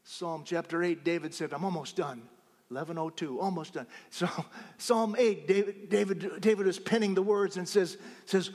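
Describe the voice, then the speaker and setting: A fairly high-voiced man preaches a sermon, swinging between loud exclaiming and hushed whispers for emphasis. His voice carries a long reverb, as if he speaks in a large hall. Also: steady tone, moderate pace. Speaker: pastor.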